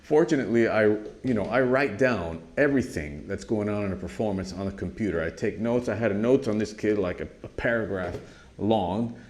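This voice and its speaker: A man's voice: fairly low pitch, fairly quick. A drum instructor telling a story in a casual, emphatic monologue, often restarting his sentences. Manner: animated, emphatic, frequent restarts.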